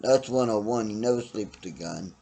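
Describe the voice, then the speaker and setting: A middle-aged man ranting his opinions bluntly and profanely, swinging from loud outbursts to low mutters. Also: fairly quick, vocal fry, breathy edge. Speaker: vlogger ranting to camera.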